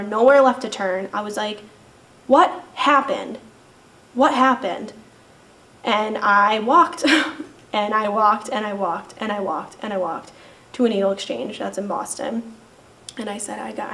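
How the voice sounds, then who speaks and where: A young woman giving a personal testimony in an emotional, halting way, saying "like" again and again. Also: medium pitch. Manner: emotional, halting storytelling, says "like" constantly. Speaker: interviewee sharing recovery testimony. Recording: distant mic with faint background noise.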